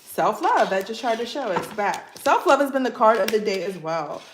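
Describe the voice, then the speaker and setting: A woman's voice: mid-range voice, sing-song, moderate pace. A woman giving a casual tarot reading, chatty and playful, talking straight to her viewers with lots of asides. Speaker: tarot reader. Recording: echoey room with faint background noise.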